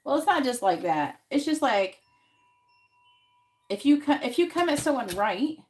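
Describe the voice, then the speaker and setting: A woman's voice: high-pitched, big pitch swings, a little slow. A woman giving frank, swear-laden advice as a psychic tarot reader on a live stream, coaching the client on what to say.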